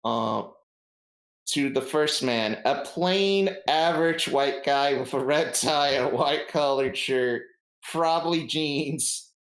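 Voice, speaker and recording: A man's voice: fairly high pitch, slow, fairly bright tone, echoey room, rough recording. A man running a tabletop game as game master, hesitant, with many ums and uhs. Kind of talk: narrating a tabletop game, casual.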